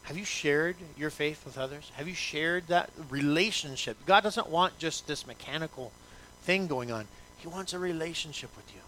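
Male pastor preaching, kinda high voice, keeps firing questions at the crowd. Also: normal speed, bright, forceful tone, slight background noise. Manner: emphatic, repetitive, asks the congregation many rhetorical questions. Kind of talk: sermon.

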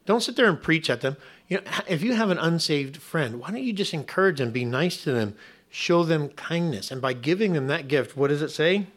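Middle-aged male pastor, slightly high and bright voice, chatty sermon full of rhetorical questions. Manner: conversational preaching with rhetorical questions and acted-out voices.

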